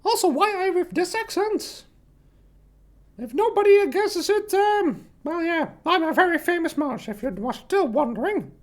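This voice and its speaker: A chipper cartoon mouse with a squeaky, bouncing falsetto that keeps breaking into little laughs. The voice leaps all over the place, bright and playful, always sounding pleased with itself. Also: male voice, animated, measured pace. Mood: giddy. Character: famous cheerful cartoon mouse, high and giggly. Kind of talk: live-stream voice impression.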